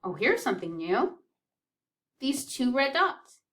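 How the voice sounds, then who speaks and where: A woman's voice: fairly high pitch, big pitch swings, takes it slowly, fairly bright tone, recorded from a distance. Upbeat woman teaching a music class. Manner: upbeat, encouraging, counts beats aloud. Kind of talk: children's music lesson.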